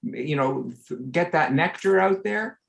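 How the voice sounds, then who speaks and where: A man's voice: on the high side, expressive, a little slow, creaky. A man in a casual group discussion over a video call, conciliatory and searching for his words.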